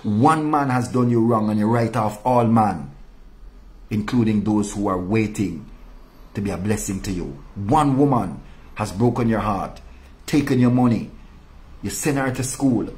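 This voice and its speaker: A male pastor delivering an impassioned, rebuking sermon, dropping low and soft to drive points home. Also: a little slow.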